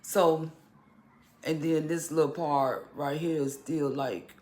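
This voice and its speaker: A man talking casually to camera in a vlog, halting and restarting, with occasional stutters. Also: on the high side, fairly even intonation, a little mellow. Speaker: vlogger.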